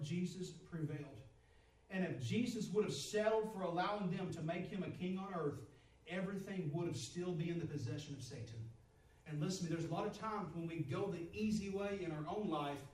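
A man's voice: a little high, darkish tone, reverberant, recorded from a distance, low-quality recording. A man preaching a sermon, emphatic and repetitive, his voice swelling and dropping. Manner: repetitive, emphatic, rises and drops in volume.

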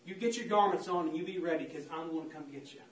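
Speaking quickly at a fairly high pitch, a preacher calls out "saints of God" to his congregation in a fervent, repetitive sermon. He's heard from a distance in a spacious church.

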